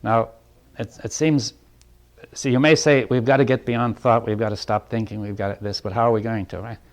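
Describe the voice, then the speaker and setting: Speaking a little fast in a mid-range voice with fairly even intonation, a man delivers a reflective talk to a small audience. He keeps restarting phrases, checking in with his listeners, and laughing softly between ideas.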